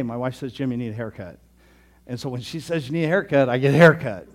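A pastor in his sixties telling a story in a sermon, chatty, often repeating himself and dropping to a soft voice. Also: medium pitch. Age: 60s. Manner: conversational, repeats words, drops to soft tones.

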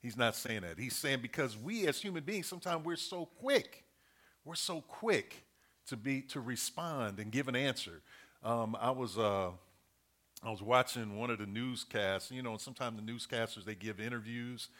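A middle-aged man delivers a sermon in an earnest, conversational way. He counts through his points and repeats each key phrase for emphasis. His voice sits in an ordinary middle pitch. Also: expressive, normal speed, a bit bright. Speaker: preacher.

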